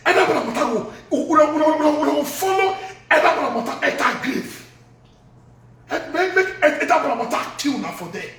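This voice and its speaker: A man's voice: extremely high pitch, expressive, moderate pace, fairly bright tone. A man ranting heatedly in a Nigerian Pidgin accent, hurling insults. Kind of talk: angry social media rant. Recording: echoey room from far off.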